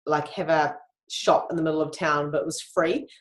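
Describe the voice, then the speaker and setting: A woman's voice: low-pitched, steady tone, moderate pace. A woman hosting a casual interview, sharing personal stories in an open, confiding way. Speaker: host. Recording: echoey room.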